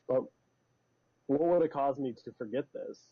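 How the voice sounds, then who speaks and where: A man's voice: medium pitch, moderate pace. A man playing his character in a tabletop game, joking and often restarting his sentences. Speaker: player. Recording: dull lo-fi sound.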